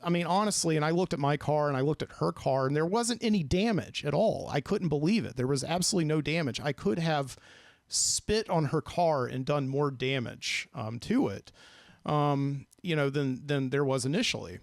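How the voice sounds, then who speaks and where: A man's voice: on the high side, animated, normal speed, no echo, clean studio sound. A man hosting a podcast, telling a late-night story in a rambling, self-deprecating way and acting out the people he quotes. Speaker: podcast host. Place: studio.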